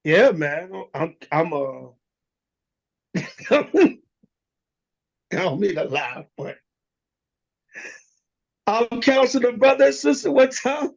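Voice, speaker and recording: A man's voice: high-pitched, very animated, slow, vocal fry, pauses often, muffled recording. A man teaching a congregation as an elder, blunt and profane, with plenty of street slang. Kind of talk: preaching lesson.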